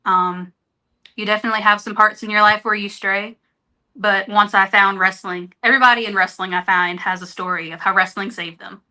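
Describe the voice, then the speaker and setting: Woman guest on a podcast, earnest and open, crisp bright voice. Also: mid-range voice. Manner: earnest, openhearted storytelling. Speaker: interview guest. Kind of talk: candid podcast conversation.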